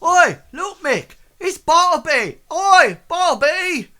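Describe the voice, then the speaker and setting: Loud jeering town guard, put on by a male game master. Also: extremely high pitch, very animated, takes it slowly, voice pushed up, heavily acted. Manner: loud and shouting.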